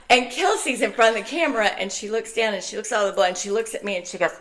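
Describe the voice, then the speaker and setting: An older woman hosting a podcast, telling family stories in casual chat, laughing often and acting out quotes loudly. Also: on the high side, quick pace, background noise. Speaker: podcast host.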